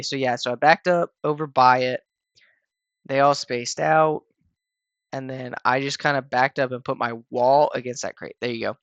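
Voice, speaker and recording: A man casually talking viewers through a video game raid fight in a relaxed, rambling way, with lots of fillers and restarts. He sounds a little tired. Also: medium pitch, no echo, dull audio. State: tired, yawning. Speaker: gaming channel host explaining a raid. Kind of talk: casual gameplay walkthrough voice-over.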